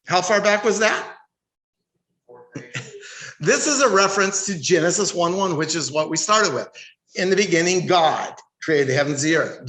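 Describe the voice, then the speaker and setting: An American man teaches a Bible study like a sermon, emphatic and fond of rhetorical questions. His voice sits high for a man. It echoes around a roomy church hall. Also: fairly bright tone. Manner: emphatic, reads scripture aloud and asks rhetorical questions. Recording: echoey room.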